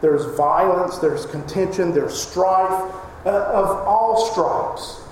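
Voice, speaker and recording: A man's voice: sits high, slow pace. A man preaching a sermon as pastor, emphatic and crying out when he quotes scripture. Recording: echoey hall reverb, faint noise.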